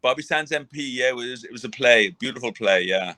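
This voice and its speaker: Guest, middle-aged man, bright edge, rambling talker, dead-dry sound. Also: mid-range voice, expressive, brisk, dry recording. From Ireland. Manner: rambling, many restarts and fillers. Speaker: guest, retired boxer. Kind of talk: casual interview conversation.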